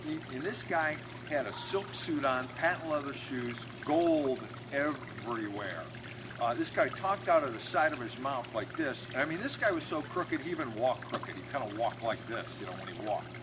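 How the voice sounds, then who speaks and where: A man's voice: medium pitch, lively intonation, normal speed, background noise. A man working as an automotive recruiter and trainer, casually telling an anecdote and acting out the people in it. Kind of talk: storytelling talk to camera.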